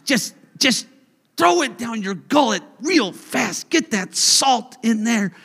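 Brief: pushy tempter King Stomach, played by a man, bright and bouncing, in a big reverberant hall. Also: very high-pitched, expressive, slow, breathy edge, voice pushed up, heavily acted. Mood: coaxing. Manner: coaxing, pushy commands. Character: tempting male King Stomach urging gluttony. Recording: long church hall reverb.

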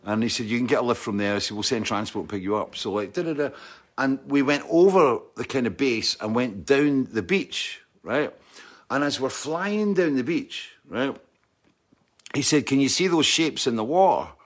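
A man's voice: mid-range voice, expressive, moderate pace. A man with a Scottish accent telling a rambling anecdote, often checking in with "right?" and mimicking sounds with his mouth.

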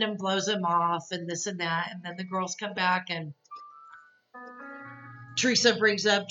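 A woman's voice: medium pitch, steady tone, a little slow, sharp tone, muffled recording, faint music behind. A woman hosting a podcast, chatting casually and rambling through a reality TV recap with lots of asides. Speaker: podcast host.

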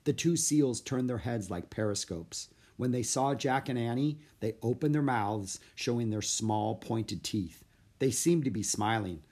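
A man reading a children's storybook aloud in an expressive, lively narration. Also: mid-range voice, a little slow. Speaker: audiobook narrator.

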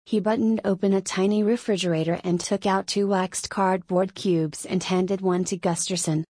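A woman narrating a science-fiction story as an audiobook reader, in a steady, even storytelling manner. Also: medium pitch, normal speed, few pauses, slightly rough, dry recording. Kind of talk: scripted narration.

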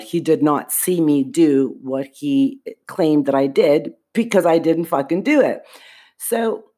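A woman's voice: deep voice, mellow. A woman hosting a podcast, telling a personal story in an indignant, emphatic way, with frequent swearing. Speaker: podcast host.

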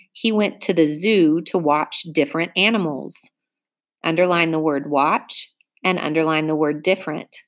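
A woman with a low, steady voice leads a class spelling test. She reads each word deliberately and puts it in a simple sentence, like a patient elementary school teacher. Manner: slow, deliberate word-by-word dictation.

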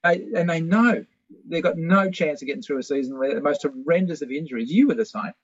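A man hosting a casual conversation, talking quickly and chiming in with short agreements. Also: on the high side, husky. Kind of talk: casual chat. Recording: dry, dull lo-fi sound.

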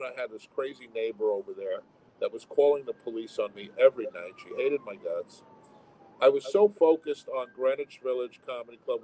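Animated guy talking bluntly, warm low tone, faint traffic noise behind. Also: poor audio. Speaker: comedy club owner. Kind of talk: casual interview chat. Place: home town with fire sirens.

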